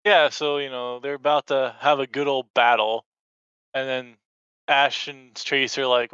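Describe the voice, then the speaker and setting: A man with a bright, clean and smooth voice recaps a cartoon story in an easygoing way. He is a relaxed guest on the podcast. The sound is dry and the audio is dull. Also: medium pitch, unhurried, dry recording. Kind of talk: casual episode recap chat.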